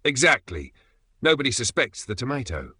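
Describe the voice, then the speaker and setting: Man voicing a chirpy, eager gadget boffin, bright and close. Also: medium pitch, sing-song, moderate pace, breathy edge, no echo, pitched above the performer's own voice, full character voice. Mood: gleeful. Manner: chirpy, enthusiastic salesman patter. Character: cheerful male gadget inventor, eager.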